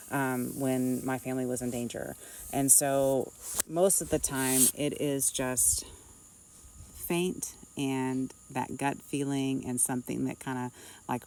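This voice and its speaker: A woman's voice: rumbling low, a little mellow, distant mic, rough recording. A woman, a nurse, giving earnest, rambling spiritual advice in a casual vlog, recorded outdoors.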